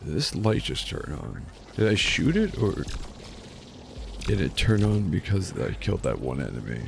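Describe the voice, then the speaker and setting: A sarcastic man rambles through a live game stream, his low voice rough with fry and swinging widely in pitch. Game music plays clearly underneath. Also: big pitch swings, normal speed, a little hiss or hum. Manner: sarcastic, rambling with many restarts. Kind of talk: casual gaming stream chat.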